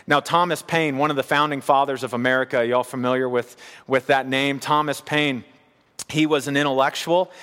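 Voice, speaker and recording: A man's voice: medium pitch, fairly bright tone. A man preaching a sermon, earnest and pleading, often repeating phrases for emphasis. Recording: reverberant hall.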